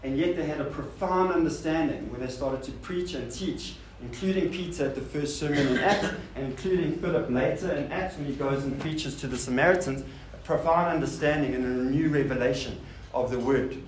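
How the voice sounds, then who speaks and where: A man's voice: on the high side, a little fast, hardly any pauses. Man preaching in a roomy hall. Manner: rhetorical questions, informal asides to the congregation. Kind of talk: sermon. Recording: roomy hall sound with faint noise.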